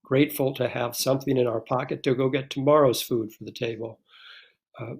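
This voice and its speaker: A man speaks as a guest on a live stream, building earnest rhetorical lists like a short speech. His voice is gravelly, with a mid-range pitch. He comes through a video call. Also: steady tone, brisk.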